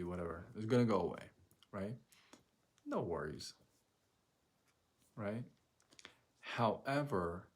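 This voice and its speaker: A man hosting a live stream, telling a story casually in a rambling, animated way, full of fillers and restarts. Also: fairly low pitch.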